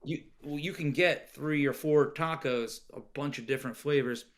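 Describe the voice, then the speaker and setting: A middle-aged man's voice, on the high side and at a moderate pace, rambles casually as a podcast guest in an interview. He restarts often and fills gaps with fillers, speaking from a home in Oregon.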